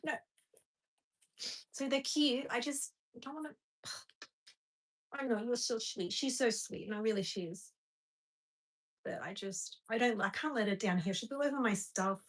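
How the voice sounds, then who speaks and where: A woman's voice: mid-range voice, moderate pace, pauses often. A woman with an Australian accent chatting casually on a home livestream, rambling and talking to a dog between remarks.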